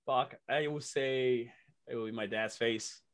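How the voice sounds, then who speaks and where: A young man telling excited, profane stories as a podcast guest, laughing often. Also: medium pitch, a little slow. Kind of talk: casual storytelling.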